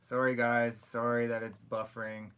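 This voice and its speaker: A young man chatting casually on a live stream, reading out viewer questions and answering with loose, rambling replies and quick apologies. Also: mid-range voice, flat delivery, fairly bright tone, clear, resonant tone. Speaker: YouTube creator answering live chat questions.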